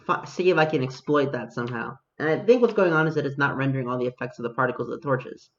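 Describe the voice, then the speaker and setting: A man's voice: medium pitch, lo-fi sound. A man giving casual, self-mocking commentary over his own gameplay as a video host, talking to himself and his viewers.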